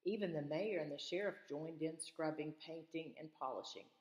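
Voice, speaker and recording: A woman's voice: low-pitched, normal speed, a little mellow, dull audio. A woman teacher reads a children's storybook aloud and stops to ask her students questions about the story. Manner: asks questions to check students' understanding. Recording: echoey room with long reverb.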